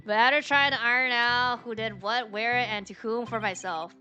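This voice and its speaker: A woman's voice: on the high side, unhurried, few pauses, sharp tone, soft background music. A woman streaming a game, reading its dialogue aloud and chatting in a rambling, filler-heavy way, laughing often. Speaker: VTuber streamer.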